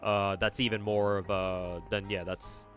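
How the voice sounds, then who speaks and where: A man's voice: lowish voice, level tone, measured pace, fairly bright tone, soft background music. A man livestreaming a game, chatting casually and bluntly as he reads chat and plays, rambling and swearing freely. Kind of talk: casual commentary while playing and reading chat.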